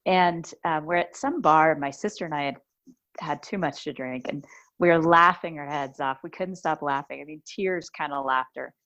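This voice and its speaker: A woman's voice: sits low, normal speed, lo-fi sound. A woman podcast host chatting casually and telling a story, acting out the voices she quotes. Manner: lively storyteller who acts out quoted voices.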